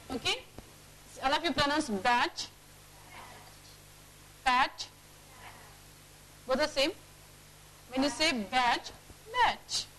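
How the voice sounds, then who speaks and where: A woman teacher leading a classroom phonics lesson, drilling words aloud and checking the class with quick questions. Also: high voice, fairly bright tone, slight background noise, poor audio.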